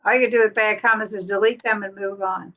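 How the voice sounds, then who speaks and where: A woman from the American Midwest hosting a casual live stream chat, talking in quick asides and laughing often. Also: medium pitch, fairly even intonation, sharp tone, muffled recording. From Cincinnati, USA.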